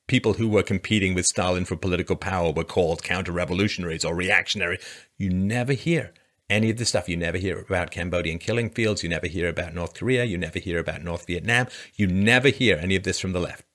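A man's voice: low-pitched, a bit bright. Sarcastic man in political commentary. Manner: mocking, dry, quick to sigh and scoff.

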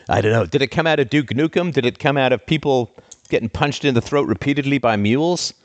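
A man hosting a live show, ranting in an exasperated, sarcastic way with big theatrical swings in pitch. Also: fast, no room sound. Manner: theatrical, trained speaking voice. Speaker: host.

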